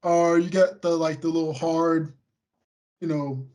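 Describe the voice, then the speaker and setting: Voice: mid-range voice, fairly even intonation, measured pace, a little mellow. A podcast co-host chatting casually, laughing often and adding brief wry remarks. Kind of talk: casual chat.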